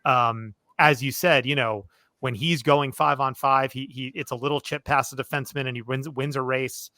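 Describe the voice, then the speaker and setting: A man hosting a sports podcast, talking things through in an easygoing, unscripted way. His voice is bright and forceful. The sound is dry and close, with no room in it. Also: medium pitch, steady tone, normal speed, dry recording. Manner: loose and conversational, leaning on fillers like "look" and "you know". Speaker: podcast host. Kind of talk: casual sports podcast chat.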